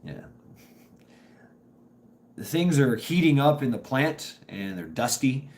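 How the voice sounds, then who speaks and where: Hoarse middle-aged man hosting a live stream. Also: mid-range voice, very animated, a little mellow. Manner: rambling, halting, greets chat viewers by name. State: strained voice from dusty work. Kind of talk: casual live stream chat.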